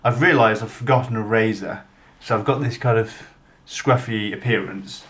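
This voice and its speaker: A man's voice: lowish voice, moderate pace, fairly bright tone, husky. A man vlogging casually to camera, chatty and self-deprecating. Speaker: motorcycle vlogger.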